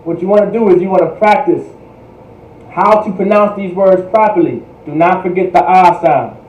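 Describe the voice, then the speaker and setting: A man with a notably high voice leads a livestreamed language lesson, saying each word again and again so listeners catch the sound. His voice bounces around a roomy, echoey space. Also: normal speed, highs cut off. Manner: repetitive, drills pronunciation patiently. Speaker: language teacher. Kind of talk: livestreamed class lecture. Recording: echoey room.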